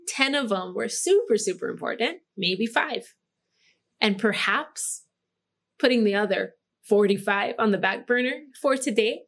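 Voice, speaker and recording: A woman podcast host in Hawaii giving a casual motivational talk, bubbly, laughing often and saying "like" a lot. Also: medium pitch. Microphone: microphone.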